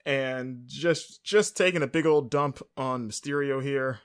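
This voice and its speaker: A man hosting his own podcast, talking through the episode on his own at a mid pitch. He rambles freely, piling up fillers and correcting himself as he goes, in a relaxed, casual way. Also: a little slow, clear, resonant tone. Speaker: podcast host. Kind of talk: casual solo show recap.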